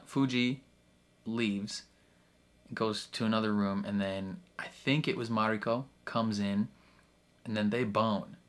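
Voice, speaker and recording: Chatty low-voiced man reacting casually. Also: a bit bright. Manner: chatty, full of fillers, laughs often. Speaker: reaction video host.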